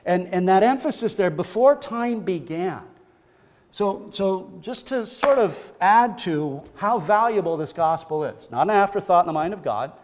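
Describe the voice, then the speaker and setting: A man's voice: high voice, lively intonation, moderate pace. A man preaching a sermon, emphatic and repetitive, stacking short phrases for stress and often restarting his words. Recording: long reverb of a large hall.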